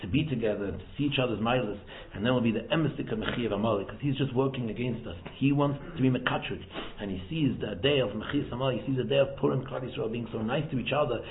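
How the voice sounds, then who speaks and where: A man delivers an informal Torah lesson at a brisk clip, stumbling over repeated words and weaving in Hebrew and Yiddish terms. His voice comes through a thin, phone-like channel in an echoey room with a faint hiss underneath. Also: mid-range voice. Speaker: rabbi teaching a Torah talk.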